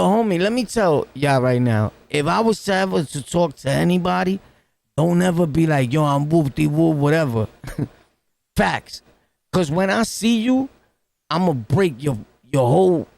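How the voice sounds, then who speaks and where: With a slightly high, creaky voice and a darkish tone, a man with a New York accent reacts to clips as a streamer. He speaks casually and close to the mic, full of street slang and laughing asides.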